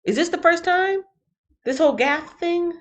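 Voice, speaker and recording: A woman's voice: extremely high pitch, expressive, moderate pace. A woman hosting a Bible reading stream, chatting casually and animatedly with many fillers.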